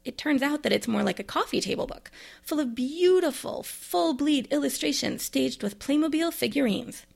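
A librarian and podcast host chats casually about books she received in a book review monologue. Her voice is high-pitched and expressive with vocal fry, moving at a moderate pace, and she adds bookish asides with enthusiasm.

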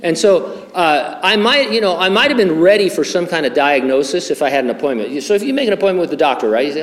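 A man's voice: fairly high pitch, lively intonation, fast talker, few pauses. Older man preaching in an echoey hall. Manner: conversational, many fillers and restarts, wry humor. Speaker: pastor. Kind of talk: sermon with Bible teaching.

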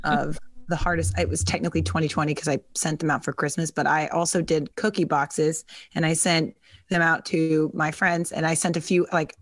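A woman's voice: low-pitched, flat delivery, a little fast, no echo, studio quality. A woman hosting a podcast, telling stories in a chatty, jokey way. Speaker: podcast host. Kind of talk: casual podcast chat.

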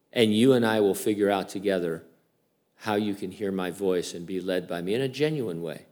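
A man's voice: low voice, normal speed, a little mellow. An older man, a pastor, giving a casual, conversational sermon with many fillers and restarts.

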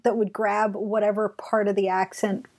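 A woman co-hosting a casual movie podcast, animated and laughing. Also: medium pitch. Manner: animated, laughing, quick bursts. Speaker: podcast co-host. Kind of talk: casual chat.

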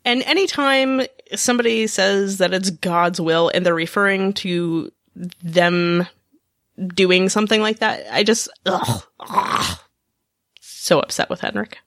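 A woman's voice: medium pitch, fairly bright tone, no echo, clean studio sound. Blunt woman recapping a TV episode. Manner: blunt, emphatic, quick asides. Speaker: podcast co-host. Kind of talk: casual TV recap chat.

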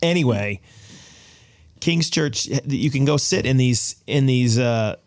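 A man on a podcast, casually recounting travel stories with animated delivery. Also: mid-range voice, slow pace, dry recording, clean studio sound. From United States. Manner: animated storyteller, voices quoted people. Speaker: podcast co-host. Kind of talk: casual chat, storytelling.

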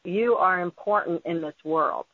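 A woman's voice: lowish voice, measured pace, dry recording. A woman hosting an interview, speaking in an earnest, emphatic and encouraging way. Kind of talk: conversational interview. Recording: phone-like tinny audio.

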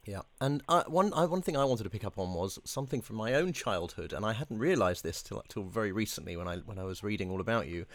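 A man hosting an interview podcast, eager and fond, a little halting as he shapes his questions. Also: fairly low pitch, animated. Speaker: podcast host.

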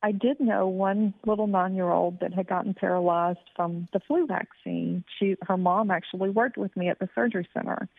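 A woman in her forties, a healthcare worker guest, speaking in an earnest, halting way on a phone line. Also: medium pitch, fairly even intonation, vocal fry. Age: 40s. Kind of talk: interview.

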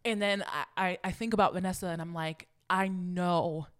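Low-voiced young woman telling a story. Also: fast talker, fairly bright tone, clean tone. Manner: emotional, rambling storytelling with many fillers. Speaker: podcast co-host. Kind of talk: casual chat.

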